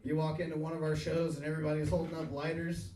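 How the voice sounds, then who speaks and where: High-voiced man doing crude stand-up. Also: level tone, fast, warm tone, distant mic, slight background noise. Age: 30s. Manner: laughs at his own jokes, crude and rambling. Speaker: stand-up comedian. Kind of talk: stand-up comedy set. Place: bar stage, live audience. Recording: echoey bar recorded from afar.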